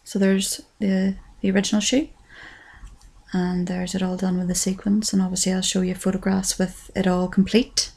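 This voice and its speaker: An Irish woman talks through a craft project in a relaxed, chatty voice-over. Her tone stays level, with little rise and fall. There is a gravelly fry in her voice, and she pokes fun at herself as she goes. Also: medium pitch, moderate pace. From Ireland. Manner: chatty and self-deprecating, says "wee" often. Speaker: craft tutorial creator. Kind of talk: casual tutorial voice-over.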